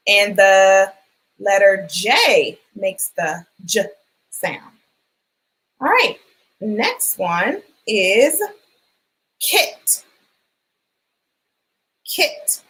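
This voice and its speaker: A woman teacher giving a phonics lesson for young children, sounding out letters and words clearly and encouraging them. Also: mid-range voice, fairly bright tone, rough recording. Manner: encouraging, asks questions and waits.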